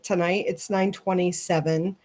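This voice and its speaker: A woman's voice: fairly low pitch, level tone, moderate pace, a little mellow. A woman co-hosting a casual livestream chat, talking loosely with many fillers and restarts. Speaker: podcast co-host.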